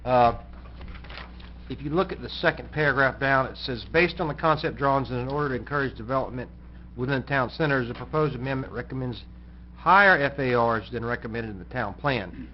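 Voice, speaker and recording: A man chairing a county commission meeting who runs the votes in a plainspoken, folksy and brisk way. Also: mid-range voice. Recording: muffled recording with faint noise.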